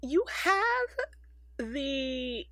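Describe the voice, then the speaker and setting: A woman's voice: sits high, very animated, extremely slow, a bit bright, slight background noise. A woman co-hosting a casual chat, recapping an episode with slang and frequent laughs. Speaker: podcast co-host.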